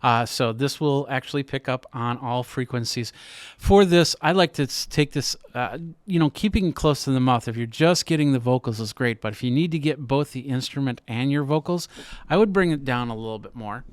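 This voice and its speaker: In a smooth, mid-range voice and a dry recording, a man reviews tech at a moderate pace. Speaking close to a studio podcast mic, he casually demonstrates a product and explains each step, with fillers along the way.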